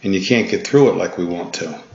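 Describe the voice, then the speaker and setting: Low-voiced tired man coaching golf. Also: fairly quick, a little mellow. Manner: patient, instructive, talks through points with restarts. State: tired, yawning. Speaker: golf instructor. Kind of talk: swing analysis voice-over lesson. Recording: echoey, dull lo-fi sound.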